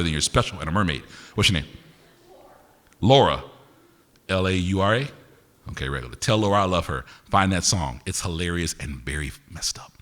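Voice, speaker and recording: An older poet performing live at a university concert venue banters playfully with the audience between pieces, teasing them with quick wit and asking their names. His voice is low with a fairly bright tone, captured in a hall with long reverb.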